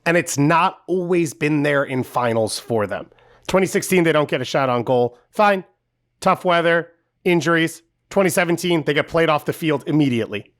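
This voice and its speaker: A man co-hosting a soccer podcast, giving measured, analytical opinions. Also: fairly high pitch. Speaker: podcast co-host.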